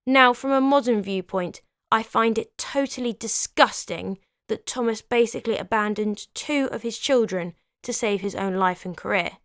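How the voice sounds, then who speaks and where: A woman's voice: fairly high pitch, moderate pace, hardly any pauses, a bit bright, no echo, clean studio sound. A woman hosting a history video, telling the story in a scripted but conversational way, with chatty asides.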